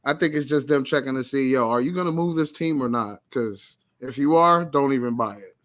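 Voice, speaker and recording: A man's voice: medium pitch, fairly quick, fairly bright tone. A man co-hosting a casual basketball podcast, laid-back and agreeable with lots of slang. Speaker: podcast co-host. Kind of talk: casual sports chat.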